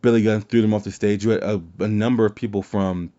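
Low mellow-voiced man, rambling podcast host. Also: fairly even intonation, fast talker. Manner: swears freely and rambles. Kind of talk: casual chat. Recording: dull lo-fi sound.

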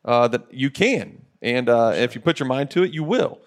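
A podcast co-host from Ohio, USA, a man in his forties, talks casually and earnestly from a studio. His medium-pitched voice has lively intonation at normal speed, and he sounds like a coach giving a pep talk, dropping plenty of fillers between points.

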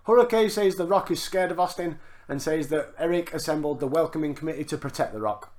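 Fast-talking wrestling podcast host, man. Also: a little high, a little mellow. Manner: opinionated, swears casually. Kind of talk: casual chat.

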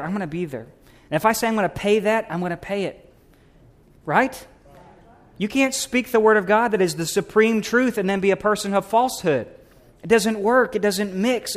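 Middle-aged man, fervent preaching, rhetorical questions, slightly high voice, church sermon. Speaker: pastor. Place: church sanctuary.

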